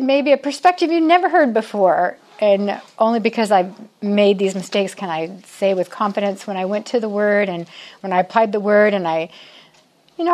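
Woman in her 60s, casual church talk to the ladies, a bit nervous, lots of little laughs and restarts, middle pitch. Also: a little mellow. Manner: chatty and self-deprecating, laughs often. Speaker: speaker at a women's Bible study.

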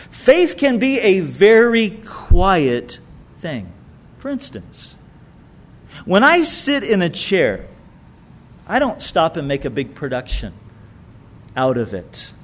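A man preaching a sermon, reading scripture aloud and adding expressive asides. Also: sits high. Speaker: pastor.

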